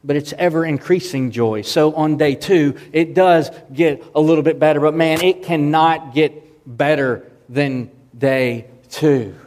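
A man's voice: fairly high pitch, a little slow, few pauses, darkish tone. A man preaching a sermon as pastor, earnest and emphatic, often restarting his words.

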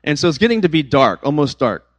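A man's voice: a little high, very animated, fast talker, rough recording. A young man with a slightly raised voice teaches a Bible study to a youth group. His tone is conversational and storytelling, and he often uses filler words like "like" and "um.". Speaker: youth pastor.

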